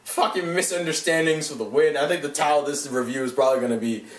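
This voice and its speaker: A man's voice: fairly high pitch, quick pace. A man giving a casual vlog review of an anime episode, rambling and swearing, often laughing at his own points. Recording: echoey room, mic at a distance.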